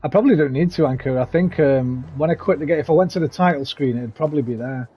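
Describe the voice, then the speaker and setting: Husky-voiced man chatting on a stream. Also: a little high, fast, muffled recording. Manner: chatty, swears freely, greets viewers by name. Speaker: gaming streamer. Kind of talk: casual live-stream chat while playing.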